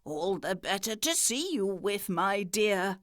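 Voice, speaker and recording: A woman's voice: mid-range voice, sing-song, slow, dry recording, clean studio sound. A woman voicing a crafty, sly male wolf from a storybook, speaking falsely sweet.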